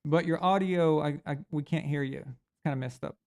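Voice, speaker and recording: A man's voice: a little high, moderate pace, vocal fry, a little mellow. A man hosting a live sports reaction stream, talking casually and animatedly. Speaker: sports show host.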